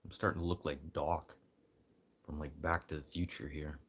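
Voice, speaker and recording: A man rambling casually to his livestream viewers, swearing freely and swinging from low mutters to loud encouragement. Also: little pitch movement, normal speed, slightly rough.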